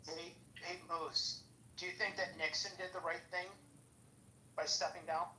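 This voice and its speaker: A woman's voice: fairly low pitch, little pitch movement, a little slow, bright, forceful tone. A woman on a podcast chatting casually about politics, hesitant and restarting often. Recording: echoey room with faint noise.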